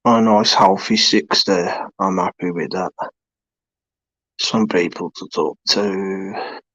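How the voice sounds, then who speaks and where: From his home, a British man in his forties hosts a casual live stream, chatting with viewers. He speaks slowly in a deep, sharp-toned voice with fairly even intonation, rambling with lots of fillers and restarts. The audio is poor, close and dry, with no echo or room sound.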